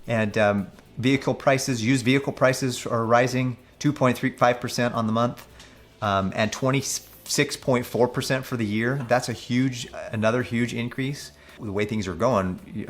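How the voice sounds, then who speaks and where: Male financial coach, slightly low pitch, casual skeptical commentary, reads out figures. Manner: mocking when quoting officials. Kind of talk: casual commentary on news articles.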